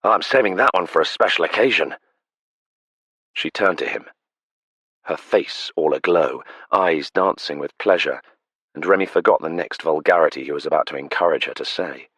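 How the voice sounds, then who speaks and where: A man narrating an audiobook in a steady, measured storytelling voice. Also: a bass voice, husky, no echo. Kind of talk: scripted narration. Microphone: close studio mic. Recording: dry close studio sound.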